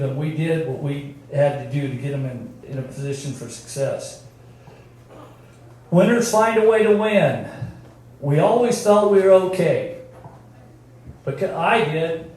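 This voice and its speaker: A man's voice: a little high, darkish tone. An older man, a former football coach, giving a folksy, storytelling speech at a team reunion. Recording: very echoey, from far off.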